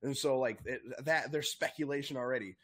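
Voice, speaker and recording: A young man co-hosting a casual podcast, talking in an excitable, profane rant. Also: medium pitch, a little fast. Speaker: podcast co-host. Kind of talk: casual chat.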